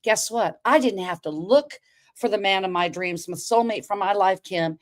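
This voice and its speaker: A woman telling her story on a talk show as a guest, expressive, acting out quoted dialogue and turning to address the listeners. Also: mid-range voice, normal speed.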